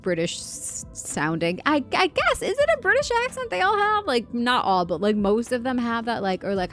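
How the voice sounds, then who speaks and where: A woman's voice: fairly high pitch, sing-song, normal speed, hardly any pauses, fairly bright tone, faint music behind. A woman livestreaming a game, chatting in a rambling, chatty way with lots of fillers. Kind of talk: casual livestream chat while gaming.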